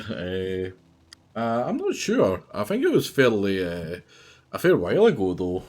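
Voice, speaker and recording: A man's voice: sits low, very animated, unhurried, darkish tone. A man chatting casually while streaming a factory game, musing with many fillers. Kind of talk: casual gaming chat.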